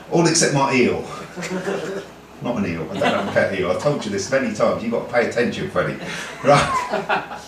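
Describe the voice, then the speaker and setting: A man's voice: fairly low pitch, lively intonation, moderate pace. A man in his sixties doing comic storytelling on a pub stage, playfully teasing the audience. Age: 60s. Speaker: stand-up comedian. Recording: echoey pub room from far off. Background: live audience noise.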